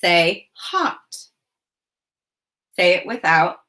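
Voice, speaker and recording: A woman teacher leading a phonics lesson for young children, speaking clearly and encouragingly. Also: lowish voice, sing-song, sharp tone. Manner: slow, clear, encouraging enunciation.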